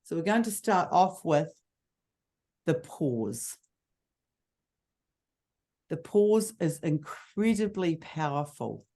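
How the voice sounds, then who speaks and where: A woman teaching public speaking, showing voice techniques with lively examples. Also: lowish voice, measured pace, few pauses. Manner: expressive, demonstrates voice techniques. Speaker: speaking coach. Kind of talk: teaching on a video call.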